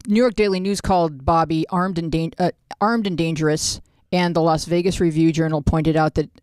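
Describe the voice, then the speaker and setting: A woman's voice: low voice, fairly even intonation, fairly quick, darkish tone, dry recording, studio quality. A woman hosting a casual chat, teasing her guest and reading out notes. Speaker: host.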